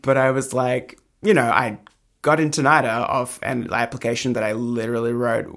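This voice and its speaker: A man's voice: medium pitch, fairly even intonation, normal speed, creaky, a bit bright. A young man being interviewed as a guest. He tells candid stories in a chatty way, laughs often and acts out voices in his anecdotes.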